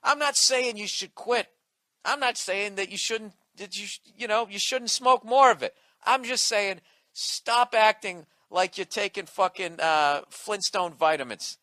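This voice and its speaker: A man's voice: high-pitched, unhurried, sharp tone, no echo. A man doing a profane comic rant with mocking asides. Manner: profane ranting, mocking impressions. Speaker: comedian. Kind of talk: podcast rant.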